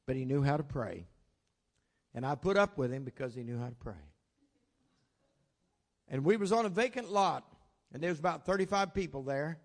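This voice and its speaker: Older male preacher, high voice, folksy storyteller who swings loud to soft. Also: lively intonation, normal speed, long pauses. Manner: folksy storytelling with plain southern-style grammar; swings from loud exclamations to low asides. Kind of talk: sermon.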